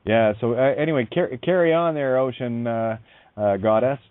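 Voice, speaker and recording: A man hosting a call-in radio show, musing aloud in a halting way with many fillers and restarts. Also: medium pitch, clean tone, dry recording. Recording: dry phone-line sound.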